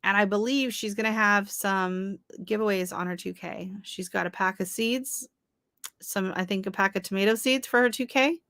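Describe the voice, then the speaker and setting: Woman, livestream host, chatty, laughs a lot, reads out chat, bright forceful voice, dry close sound. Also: medium pitch, steady tone, normal speed, no echo. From Canada. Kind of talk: casual livestream chat with viewers.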